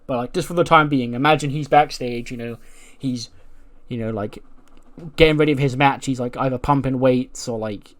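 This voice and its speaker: A man's voice: mid-range voice, normal speed. A man casually narrating a wrestling booking game in a rambling style full of fillers. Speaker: let's play host.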